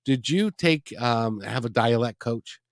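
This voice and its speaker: A man's voice: mid-range voice, expressive, unhurried, no room sound, studio quality. A man hosting a podcast, asking questions in casual chat and laughing often. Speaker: podcast host.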